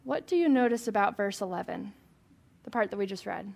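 A woman's voice: medium pitch, lively intonation, brisk, creaky, darkish tone. A woman leading a Bible study for a small group, reading scripture aloud and chatting with questions to the room.

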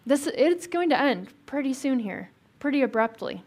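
At a normal pace, a woman pastor delivers a conversational sermon, asking her listeners questions and slipping in small jokes. Her voice is a little higher than most.

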